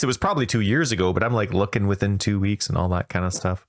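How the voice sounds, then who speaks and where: A man co-hosting a gaming podcast in casual chat, rambling and animated, quick to laugh, talking close to a desk mic. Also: lowish voice. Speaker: podcast co-host.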